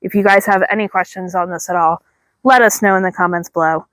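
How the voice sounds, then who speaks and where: A woman dog trainer outdoors calmly explaining leash work, breaking into high, drawn-out praise for the dog. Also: dry recording. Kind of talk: instructional dog training demo.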